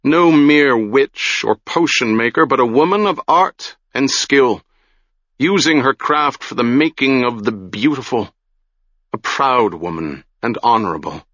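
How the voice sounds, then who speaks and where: A man voicing a stern male mage who speaks gravely and gently, his voice strained with sorrow. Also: mid-range voice, lively intonation, unhurried, no echo, muffled recording. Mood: strained, sorrowful.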